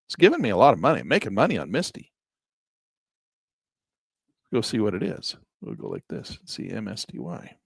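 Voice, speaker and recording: A man's voice: fairly low pitch, wildly swooping pitch, brisk, gravelly, long pauses, slightly rough, no echo. A man giving folksy, self-amused commentary on his investments while sharing his screen. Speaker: investing vlogger. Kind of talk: casual screen-share commentary.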